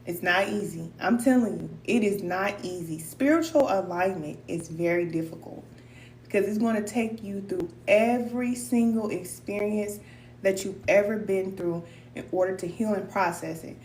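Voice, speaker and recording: A woman's voice: medium pitch, normal speed, a little mellow. A woman hosting a live stream as a spiritual teacher, talking casually and encouragingly to viewers, calling them cousin and repeating herself for emphasis. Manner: loose colloquial speech. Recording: echoey room, distant mic, faint hum.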